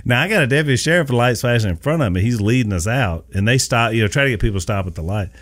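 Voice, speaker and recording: A man's voice: mid-range voice, animated, rapid-fire. A man in casual chat, chiming in and finishing the other speaker's sentences. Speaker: podcast co-host.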